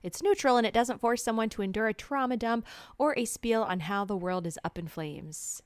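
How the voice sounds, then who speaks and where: Woman, podcast co-host, slightly high voice, chatty and animated, dry close sound. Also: moderate pace, clear, resonant tone, no room sound. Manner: chatty, laughs often, tells animated anecdotes. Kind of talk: casual chat.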